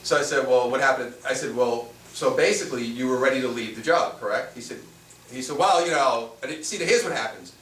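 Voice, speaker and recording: A man's voice: medium pitch, a little fast, a bit bright. Man teaching a seminar in an echoey room. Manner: conversational, full of rhetorical questions. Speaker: spiritual teacher. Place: room with a live audience. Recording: echoey room, far from the mic, faint hiss.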